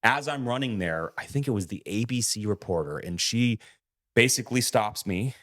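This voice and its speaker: Telling a laid-back story on the podcast he co-hosts, a man voices the quoted dialogue and swears without restraint. He speaks at a normal speed, and his fairly bright, lowish voice has lively intonation.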